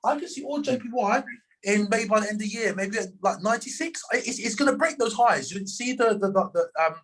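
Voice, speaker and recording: Man, high voice, casual trading chat, halting restarts, says bro a lot. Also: animated. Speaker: trader.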